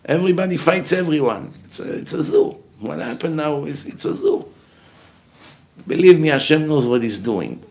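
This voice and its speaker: A man's voice: on the high side, lively intonation, moderate pace, vocal fry. A man giving a heated religious lecture as a rabbi, emphatic and blunt, asking questions and answering them himself. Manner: emphatic, grows loud and forceful when making a point.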